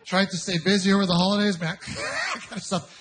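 A man doing stand-up comedy, telling stories in an incredulous, exasperated way with quick asides, with an audience laughing. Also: high-pitched, wildly swooping pitch, fairly bright tone. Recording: live venue with audience noise.

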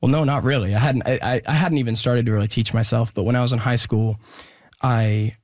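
A young man from Oregon telling a personal story as an interview guest, earnest and hesitant, with many pauses and restarts. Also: medium pitch, fairly even intonation, darkish tone, dry recording, clean studio sound.

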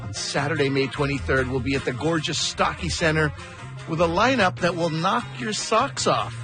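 A man's voice: on the high side, moderate pace, sharp tone. A man hosting a radio comedy show, reading scripted announcements in an upbeat, promotional way. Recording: broadcast voice-over with music bed.

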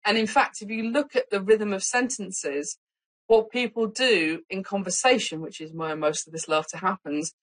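A woman scientist explains her research in an interview, animated and expressive. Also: medium pitch, low-quality recording. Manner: animated, expressive, quick asides. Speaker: scientist guest.

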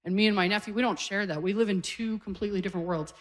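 On a comedy stage in front of a live audience, a Canadian woman in her forties does a stand-up set, chatty and self-deprecating, laughing through her lines. She talks very fast in a mid-range voice, and the sound carries a big-room quality.

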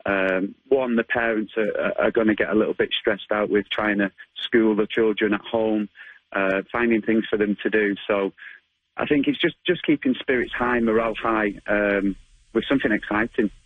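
A man's voice: lowish voice, fairly even intonation, normal speed, no echo. A man calling in to a radio interview, talking enthusiastically with laughs and restarts over a tinny phone line. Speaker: caller, guest dressing as a superhero.

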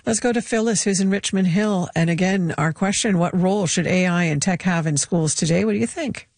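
A woman hosts a call-in radio show with a gravelly edge to her voice. She asks measured questions and pauses with fillers. The sound is dry and close. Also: lowish voice, darkish tone, no room sound.

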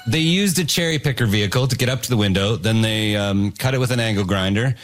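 A man's voice: lowish voice, fast, faint music behind. A man hosting a comedy podcast quiz, reading trivia questions and enjoying the guesses. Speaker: quiz host.

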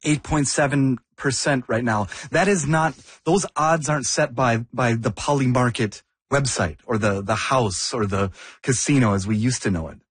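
A man's voice: mid-range voice, moderate pace, slightly rough, no room sound. A man co-hosting a news discussion, asking questions and thinking aloud.

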